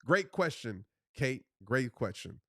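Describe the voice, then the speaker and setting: A man's voice: medium pitch, sing-song, takes it slowly, pushed and bright, no echo, studio quality. A man in his thirties, a motivational speaker giving earnest, casual answers to viewers on a live stream, repeating his points and calling them y'all.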